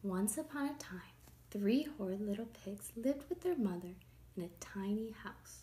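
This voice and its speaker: A woman teacher reading a picture book aloud to children, animated, often dropping to soft whispers. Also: medium pitch, moderate pace.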